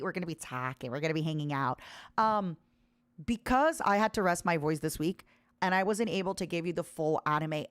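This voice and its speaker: A woman streaming from an indoor room, chatting casually with her viewers in a bouncy way, her pitch jumping up as she reads their messages. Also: no echo. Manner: chatty, bouncy, jumps in pitch when reading chat. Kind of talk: casual livestream chat.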